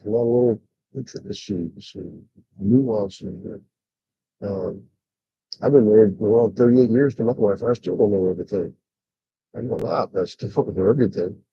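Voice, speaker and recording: A man's voice: on the low side, moderate pace, pauses often, slightly rough, no echo. An older man rambling casually on a livestream, bluntly complaining, with many fillers and restarts. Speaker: vlogger. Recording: dull lo-fi sound.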